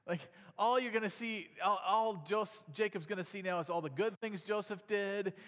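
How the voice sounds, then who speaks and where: Male preacher, fairly high voice, reads scripture then explains it in a loose, talky way; long reverb of a hall. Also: moderate pace, a bit bright. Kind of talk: sermon with scripture reading.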